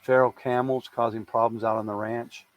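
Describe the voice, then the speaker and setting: A man's voice: mid-range voice, flat delivery, normal speed, dull audio. Joking, foul-mouthed male co-host. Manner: joking and profane, laughs often. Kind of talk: casual news chat.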